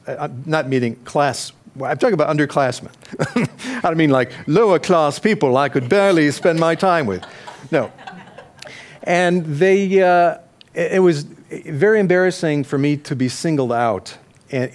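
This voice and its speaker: A middle-aged man telling a personal story in a candid, self-deprecating way, often correcting himself and laughing at his own words. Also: on the high side. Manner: restarts and corrects himself mid-sentence.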